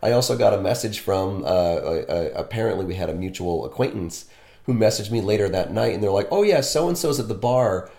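A man's voice: low-pitched, a little fast, gravelly, mellow. A man who works as a piercer, telling a candid, self-deprecating story in casual conversation. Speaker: body piercer. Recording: echoey room.

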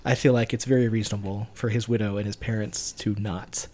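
A young man co-hosting a casual movie podcast, rambling and laughing, often trailing off quietly. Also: fairly low pitch, steady tone, fairly quick. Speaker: podcast co-host. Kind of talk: casual chat.

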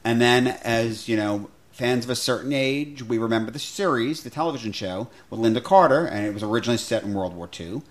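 Middle-aged guy gushing about a movie on a podcast, keeps restarting, average pitch. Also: fairly quick, few pauses. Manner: enthusiastic, rambling with many restarts. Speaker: podcast co-host. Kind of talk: casual chat.

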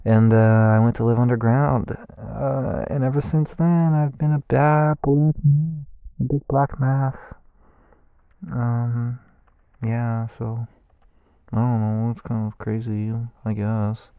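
A man doing a gravelly, foul-mouthed black mass. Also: medium pitch, fairly even intonation, slow pace, warm tone, no room sound. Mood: sheepish. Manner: rambling, sheepish, swearing.

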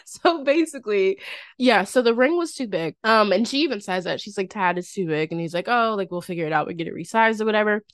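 A woman's voice: mid-range voice, expressive, quick pace, no echo. Young woman podcaster rambling on w lots of likes and giggles, dry close mic. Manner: rambling, filler-heavy, giggly. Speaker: podcast host. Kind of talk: casual chat.

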